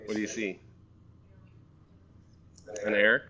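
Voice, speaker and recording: A man's voice: fairly low pitch, little pitch movement, slow, crowd noise. A middle-aged man giving a motivational conference talk, telling stories, acting out quoted lines and asking the audience questions. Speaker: conference speaker, resort facilities director. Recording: live audience audible in room.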